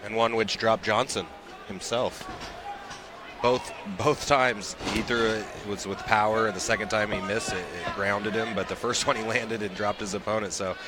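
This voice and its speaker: A man giving fight color commentary, offering relaxed analysis with some filler words. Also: fairly low pitch, moderate pace.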